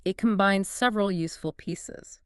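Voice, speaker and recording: A woman co-hosting a scripted English lesson, clearly modelling phrases for learners to practise. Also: mid-range voice, normal speed, dry recording, clean studio sound. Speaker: English teacher co-host. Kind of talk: scripted language lesson dialogue.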